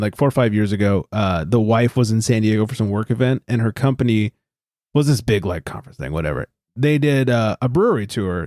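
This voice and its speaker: A man's voice: medium pitch, darkish tone, dry recording, studio quality. A man hosting a casual podcast, telling stories in a chatty, profane way and acting out quoted voices. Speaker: podcast host.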